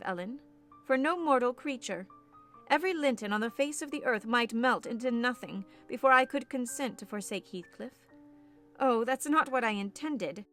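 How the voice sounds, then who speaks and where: A woman's voice: fairly high pitch, sharp tone, pitched above the performer's own voice. A woman reading as a passionate, headstrong young woman in an audiobook, speaking in an impassioned, declamatory way. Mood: indignant.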